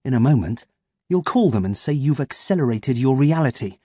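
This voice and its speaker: A man reading an audiobook, voicing a scheming male scientist villain who taunts in a silky, mock-gentle manner. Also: medium pitch, expressive, normal speed, slightly rough, no echo, clean studio sound. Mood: taunting.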